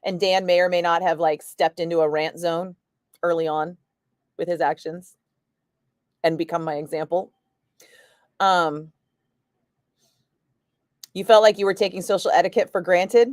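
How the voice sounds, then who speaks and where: A woman's voice: on the low side, fairly even intonation, a little slow, pauses often, a little mellow, dry recording, clean studio sound. A woman chatting casually on a livestream, reading viewer comments in a wry, chatty way that slips into swearing, tired from a migraine. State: battling a migraine. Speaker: radio host streaming live chat.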